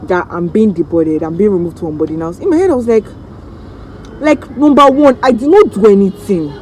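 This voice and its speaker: A woman's voice: medium pitch, fairly quick, slight background noise, low-quality recording. Dramatic Nigerian woman telling a story. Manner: dramatic, animated storytelling with reenacted voices. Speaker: vlogger. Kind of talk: story time vlog.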